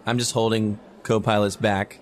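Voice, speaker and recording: A man's voice: fairly low pitch, level tone, normal speed. A man playing a tabletop game, joking around and laughing as he plays his character. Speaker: player. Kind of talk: casual in-character play.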